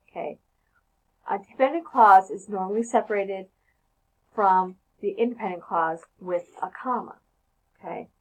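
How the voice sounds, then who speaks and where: A woman's voice: mid-range voice, rough recording. A woman teaching a casual grammar lesson, talking conversationally and often checking in with "okay?".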